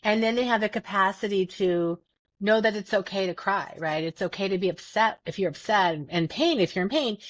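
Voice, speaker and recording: A woman's voice: medium pitch, a bit bright, no echo. A woman hosting a podcast, talking casually and earnestly about feelings, stressing her points and often repeating words. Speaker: podcast host. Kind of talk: casual self-help talk. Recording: dull, dry lo-fi sound.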